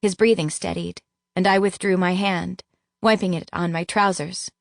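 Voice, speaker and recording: A woman reads a first-person audiobook at a slow, unhurried pace. Her voice sits slightly low and sounds dry and close, with no room echo. The delivery is measured and even throughout. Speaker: audiobook narrator.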